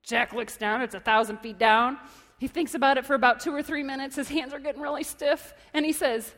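High-voiced woman preaching in a reverberant hall. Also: a little fast. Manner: animated storytelling, acts out voices and shouts. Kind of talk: sermon. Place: church hall.

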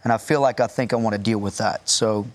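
A man co-hosting a Christian talk show, making earnest, measured statements about giving and faith. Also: lowish voice, steady tone. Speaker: co-host, teacher on giving. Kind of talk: preaching in conversation.

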